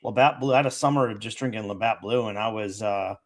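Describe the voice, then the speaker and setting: A man co-hosting a casual livestream, relaxed and chatty with a playfully formal turn of phrase. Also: fairly low pitch, quick pace. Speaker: podcast co-host.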